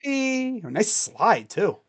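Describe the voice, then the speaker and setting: Male fan doing live play-by-play at an unhurried pace, bursts of excited shouting, mumbled asides. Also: sits high. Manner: excitable, jumps to shouting on big plays; drops to muttered asides. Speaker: fan commentator.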